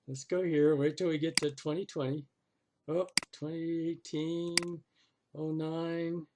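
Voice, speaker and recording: A man's voice: on the high side, little pitch movement, slow, background noise. A man narrating a screen-recorded walkthrough, thinking aloud and sounding sarcastic and exasperated as he complains to the city council. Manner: thinks aloud, with frequent "oh" and "okay".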